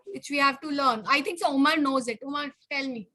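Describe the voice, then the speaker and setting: A woman teacher leading a children's class over a video call, coaxing and brisk as she calls on pupils by name. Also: sits high, music in the background.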